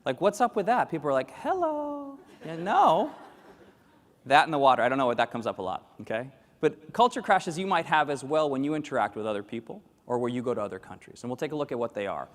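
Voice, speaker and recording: A man giving an animated keynote talk to a live audience, quizzing the crowd and acting out quoted voices. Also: medium pitch, fast talker, few pauses. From grew up in Latin America. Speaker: keynote speaker. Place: large hall with live audience. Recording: echoey hall with long reverb.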